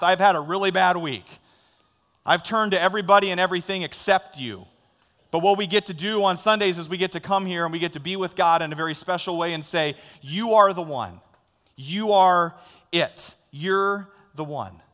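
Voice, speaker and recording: A man preaching a sermon as pastor, conversational and building to excitement. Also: on the high side. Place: church sanctuary. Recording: long hall reverb.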